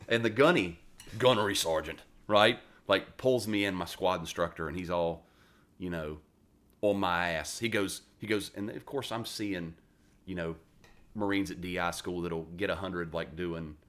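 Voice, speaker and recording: Deep-voiced, profane former Marine storyteller. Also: male voice, normal speed. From West Virginia. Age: 40s. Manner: profane, animated storyteller who acts out quoted dialogue. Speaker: podcast guest, retired Marine. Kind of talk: casual storytelling interview.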